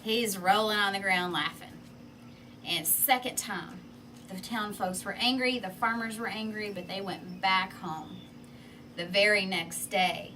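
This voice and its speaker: A woman telling a children's fable with props, in an expressive and animated way. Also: medium pitch. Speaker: storyteller. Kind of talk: children's story read aloud with props. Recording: distant mic, faint background noise.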